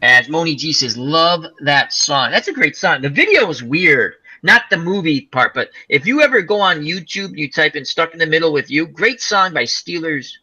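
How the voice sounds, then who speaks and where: A man hosting a casual live chat show, rambling excitedly through movie retellings with frequent laughs. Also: fairly high pitch, normal speed, few pauses, breathy edge, lo-fi sound. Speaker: livestream chat host.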